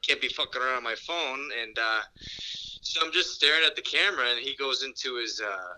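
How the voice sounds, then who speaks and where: Bright-voiced man telling a story by phone. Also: mid-range voice, brisk. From New York. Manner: rambling, laughing, backtracking storyteller. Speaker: phone-in guest. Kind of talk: casual storytelling on a phone call. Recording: phone line.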